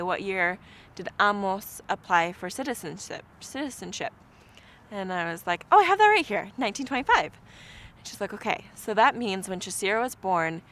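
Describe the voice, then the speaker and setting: Animated woman telling a personal story. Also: medium pitch. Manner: animated, acts out quoted dialogue. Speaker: interviewee.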